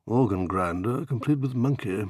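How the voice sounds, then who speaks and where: A gloomy, long-suffering old aristocrat who murmurs and sighs his way through every line, as the reader puts him on. Slow and low-keyed, slightly husky, close and dry. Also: darkish tone, no echo, natural voice. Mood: weary. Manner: sighing, mournful murmur. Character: weary elderly English lord, sighing and gloomy.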